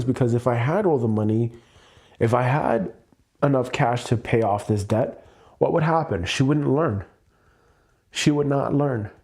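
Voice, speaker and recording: A man's voice: medium pitch, a little mellow. A man venting his frustration in an emotional livestream monologue, swearing and repeating himself. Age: adult with a child. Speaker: host.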